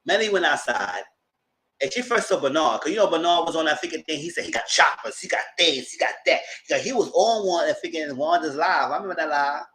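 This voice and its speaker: A man's voice: fairly high pitch, quick pace, low-quality recording. A man hosting a live TV review show, recapping episodes in a slangy, gossipy way. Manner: animated, slangy, gossipy retelling. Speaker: TV review host.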